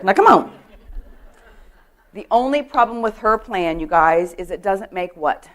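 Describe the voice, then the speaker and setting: A middle-aged woman giving an animated talk on personal safety to a women's church group, telling stories, acting out quotes and asking the audience questions. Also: medium pitch. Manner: lively storytelling, acts out quotes, asks the audience questions. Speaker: guest speaker on personal safety.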